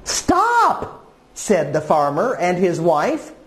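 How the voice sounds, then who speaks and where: A woman teacher reading a story aloud to children, with slow, sing-song, expressive delivery. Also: fairly low pitch, roomy sound.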